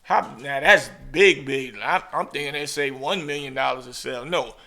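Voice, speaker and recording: Here a man with a creaky, mid-range voice speaks at a moderate pace while hosting a podcast. His storytelling is casual and animated, with acted-out voices bringing his anecdotes to life.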